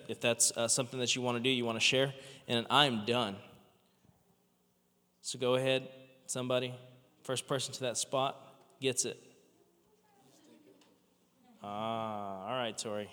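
A man leading a church gathering, explaining to the congregation how the sharing will work in an informal, halting way. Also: mid-range voice, pushed and bright. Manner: informal and hesitant, full of fillers and restarts. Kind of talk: giving instructions to a congregation. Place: church sanctuary. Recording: long church hall reverb.

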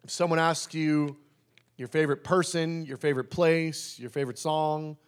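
A man's voice: a little high, fairly even intonation, clean tone. Conversational man preaching a sermon. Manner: conversational, with restarts and emphatic slowed phrases. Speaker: pastor.

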